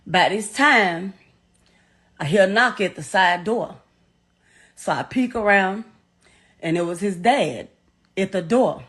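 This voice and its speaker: In raw first-person storytelling, a grieving middle-aged mother bluntly and emotionally recounts what happened, swearing a lot and repeating herself. Her medium-pitched, slightly bright voice has lively intonation, runs a little slow, and pauses often.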